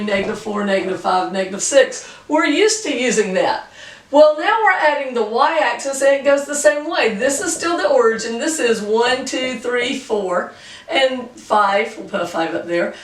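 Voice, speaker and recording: A woman gives a homey pre-algebra lesson, counting along the number line step by step. Her voice sits a little high and carries a patient, chatty warmth. She sounds set back from the microphone in an echoey room. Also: far from the mic. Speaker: math teacher.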